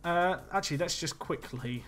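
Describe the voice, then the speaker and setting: A man's voice: on the high side, moderate pace, fairly bright tone, faint music behind. A young man chatting animatedly as he streams a football management game and talks to his chat. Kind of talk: casual game commentary.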